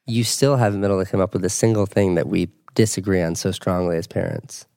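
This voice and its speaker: A man's voice: low-pitched, fast talker, vocal fry, darkish tone, clear, resonant tone, no echo, studio quality. A man, a parent in casual chat, telling a story emphatically and teasing his partner. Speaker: parent, co-host.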